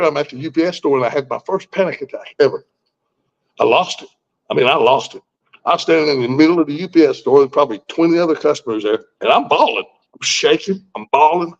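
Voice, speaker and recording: A man in his sixties telling a personal story in a folksy, blunt way, swearing freely and often restarting his sentences. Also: a little high. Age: 60s. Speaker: guest. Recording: muffled lo-fi recording.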